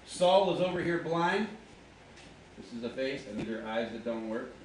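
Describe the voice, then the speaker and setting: A man's voice: mid-range voice, expressive, normal speed, noisy background. A man teaching a casual Bible lesson to a group, joking and quizzing his listeners in a slangy way. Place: large room with an audience. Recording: echoey hall with faint ambience.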